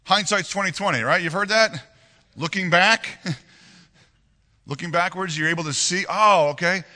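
A man in his forties preaching a sermon and telling a personal story, earnest and animated, often restarting and repeating words. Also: high voice, unhurried, big-room sound. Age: 40s. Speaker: pastor.

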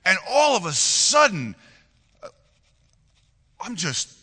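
A man in his forties preaching with a very bright, ringing voice that swings widely up and down. He speaks earnestly, often stumbling and repeating words as he tells a personal story. The sound carries a long hall reverb. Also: sits high, huge pitch swings, slow, breathy edge. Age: 40s. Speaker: pastor.

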